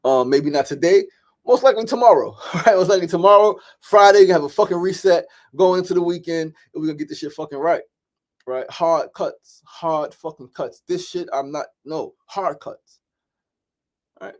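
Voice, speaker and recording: A middle-aged man hosts his daily talk show in a loose, candid way. His voice sits a bit high for a man. He curses freely, repeats himself for emphasis and keeps asking "right?". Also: moderate pace. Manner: profane, repeats phrases, frequent "right?". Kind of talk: casual motivational talk.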